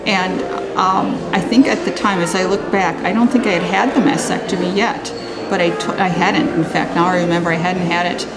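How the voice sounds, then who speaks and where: A woman's voice: fairly low pitch, steady tone, brisk, over loud music, rough recording. A woman sharing personal memories in an interview, chatty, laughing often and acting out remembered conversations. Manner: chatty, laughs often, acts out quoted dialogue. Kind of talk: tearful-to-laughing personal storytelling.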